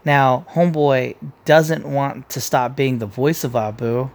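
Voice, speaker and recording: A man's voice: mid-range voice, fairly even intonation, a little slow, creaky. A man giving casual commentary in a blunt, profane way, rambling and restarting his sentences as he goes. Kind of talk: casual opinion rant.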